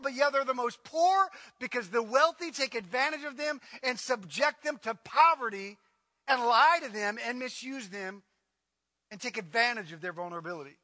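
In a dry recording, a preacher works through scripture with dramatic emphasis. He alternates between booming repetitions and quiet murmurs, voicing the people he quotes.

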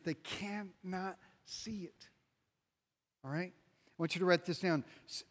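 A man preaching a sermon to a room, emphatic and repetitive, swinging between loud pushes and quiet drops. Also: fairly high pitch. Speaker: pastor. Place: large room with an audience. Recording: long hall reverb.

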